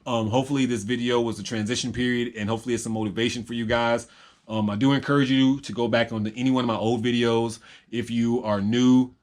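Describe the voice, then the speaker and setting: Male vlogger, mid pitch, reflective and unscripted, pauses and restarts often. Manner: reflective, halting, with many ums and restarts. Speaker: vlogger and reseller. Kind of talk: rambling personal vlog.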